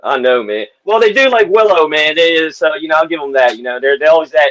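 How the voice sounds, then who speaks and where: A man's voice: on the high side, animated, a little fast, few pauses, a bit bright, muffled recording. A man hosting a casual interview, laid-back, peppering every sentence with "man" and "you know". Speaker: interviewer host.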